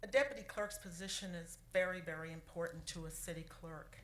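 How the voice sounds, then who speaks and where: A woman's voice: lowish voice, fairly bright tone. Emotional woman speaking in an echoey chamber. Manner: heartfelt, halting, fighting back tears. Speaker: city clerk. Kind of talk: emotional tribute speech at a council meeting. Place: council chamber. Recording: echoey chamber with faint room noise.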